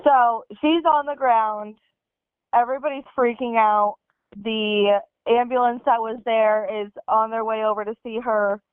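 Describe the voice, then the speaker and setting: A woman's voice: a little high, steady tone, unhurried, smooth, dry recording. Chatty young woman on a tinny line. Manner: chatty, rambling storytelling. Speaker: guest sister. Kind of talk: casual family chat. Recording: tinny phone-like sound, dry.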